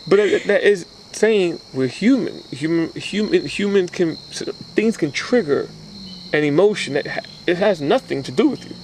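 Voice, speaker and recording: A man co-hosting a casual relationship podcast, talking in a slightly high voice. He tells stories with energy and slips into other people's voices as he quotes them. Faint crickets chirp in the background. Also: normal speed, a little hiss or hum, poor audio. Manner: animated storyteller acting out quoted voices. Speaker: podcast co-host. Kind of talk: casual chat.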